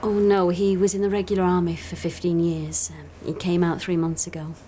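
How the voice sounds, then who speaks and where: A woman's voice: on the low side, flat delivery, fairly quick, dark tone, slight background noise, natural voice. An actress playing a tired, sleepless woman, talking hesitantly with sighs, in a television drama. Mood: weary. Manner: hesitant, sighing, wry. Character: weary insomniac woman, soldier's wife. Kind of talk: TV drama acting.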